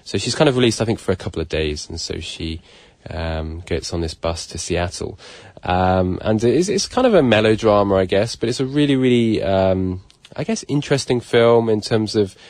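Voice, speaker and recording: A man's voice: on the low side, expressive, moderate pace, darkish tone, dry recording. A man chatting on a radio show about a film, with lots of hesitant ums and uhs. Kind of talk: casual radio chat.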